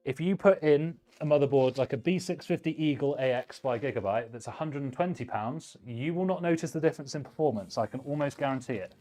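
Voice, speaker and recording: A man's voice: mid-range voice, fairly quick, few pauses, warm tone, soft background music. A man hosting a live stream, chatting casually and giving blunt hardware advice while he works on a build. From United Kingdom. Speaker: livestream host, PC builder.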